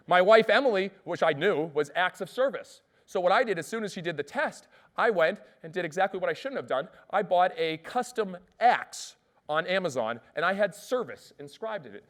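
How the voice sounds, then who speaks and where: A man giving an energetic keynote speech, telling stories and asking the audience questions. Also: high voice, normal speed. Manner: lively, asks the audience questions. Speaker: keynote speaker.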